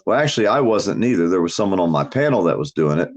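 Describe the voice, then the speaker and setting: A man's voice: deep voice, sing-song, quick pace. A man ranting bluntly on a casual livestream, swearing heavily and mocking people. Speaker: livestream host. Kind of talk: profane casual livestream chat.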